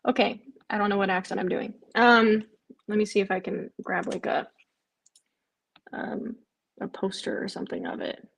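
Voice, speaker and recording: A woman's voice: medium pitch, steady tone, moderate pace, gravelly, husky. Chatty woman streamer answering viewers. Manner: frequent "um" fillers and repeats herself. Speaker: live stream host. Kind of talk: casual live watch-along chat.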